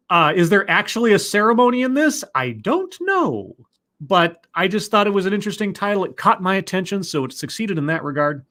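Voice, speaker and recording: Guy hosting a chill live stream at home, reads off chat names, pitch jumping all over, kinda high voice. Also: sharp tone. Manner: playful, greets chat members one by one with sudden pitch jumps. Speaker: live-stream host reacting to talks. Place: home room.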